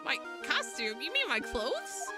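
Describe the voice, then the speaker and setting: A woman voicing a young male defense lawyer in a flat, exasperated deadpan while reading a game aloud. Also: high-pitched, unhurried, loud music behind the voice, exaggerated voice. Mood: wary. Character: young man defense lawyer, dry and wary.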